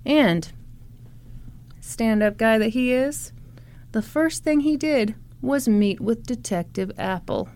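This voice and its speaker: Woman podcast host, higher voice, giggly casual storyteller. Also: slow pace. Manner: giggly, excitable, swears freely. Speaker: podcast host narrating a true crime case.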